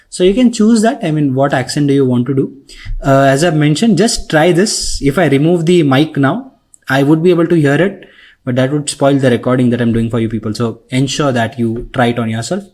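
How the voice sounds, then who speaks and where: Man teaching a software tutorial. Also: medium pitch. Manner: conversational, frequent "right?" tags and fillers. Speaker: instructor. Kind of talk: screen-share tutorial. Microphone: recording mic.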